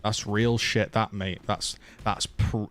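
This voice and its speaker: A young man with a lowish voice talks loosely while he plays on a live stream, cursing often and stopping to thank viewers for their support. A faint noise sits under his voice. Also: level tone, slow, a bit bright. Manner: laid-back, swears a lot, thanks viewers for donations. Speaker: game streamer. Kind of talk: casual live-stream chat.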